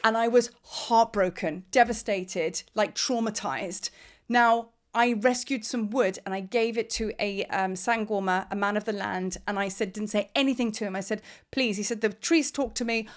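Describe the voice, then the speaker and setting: A woman's voice: mid-range voice, normal speed. A woman spiritual teacher talking casually to her camera at home, rambling and heartfelt, holding back tears. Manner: rambling, heartfelt, trying not to cry. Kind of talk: casual vlog talk to camera. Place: at home in Cape Town.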